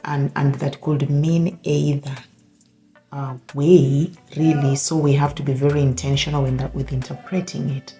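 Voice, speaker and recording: A woman's voice: very deep voice, level tone, moderate pace, music in the background. A woman hosting her own podcast, talking earnestly and reflectively, often restarting words as she thinks. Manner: earnest, emphatic, repeats words while thinking. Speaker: podcast host. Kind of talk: reflective solo talk.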